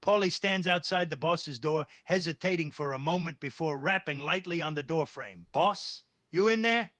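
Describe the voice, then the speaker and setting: A man reading third-person story narration in a steady, even way. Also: on the high side, normal speed, no echo.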